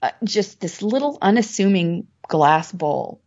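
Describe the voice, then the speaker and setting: A woman's voice: lowish voice, unhurried. A woman chats as an interview guest and tells a story with lots of rise and fall in her voice. She acts out the people in her story. The recording sounds a little dull and lo-fi. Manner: animated, acts out what people said. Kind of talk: casual storytelling.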